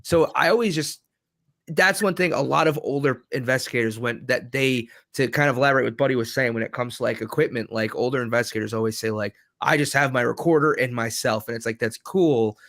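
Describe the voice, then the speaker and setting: A man in the middle pitch range explains his view on ghost-hunting gear, earnest and rambling. He fills his sentences with "like" as he goes. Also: fast, a bit bright, no echo, studio quality. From Polish heritage. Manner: rambling and earnest, heavy use of "like". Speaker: paranormal investigator and co-host. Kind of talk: casual chat.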